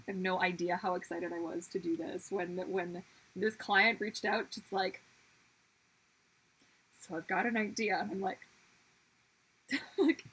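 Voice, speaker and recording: Woman streaming her art, bit husky voice, chatty and gushy with viewers. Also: mid-range voice, fairly bright tone, poor audio. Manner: chatty, exclamatory, talks to viewers. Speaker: livestreaming artist. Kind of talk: casual livestream chat while drawing.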